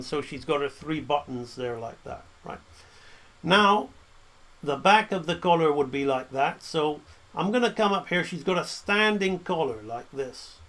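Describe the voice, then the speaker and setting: Guy walking through a drawing as he sketches, bit higher voice, keeps saying right?. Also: a bit bright. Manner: talks while drawing, frequent "right?" checks. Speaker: animation instructor. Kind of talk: drawing tutorial narration.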